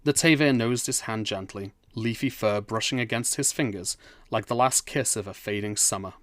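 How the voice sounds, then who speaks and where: A male narrator reads a whimsical fantasy tale with dry, understated humor. His voice sits low. The recording is close and dry, with no room sound. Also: moderate pace, a bit bright, dry recording. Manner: dry, wry storytelling. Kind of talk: scripted storybook narration.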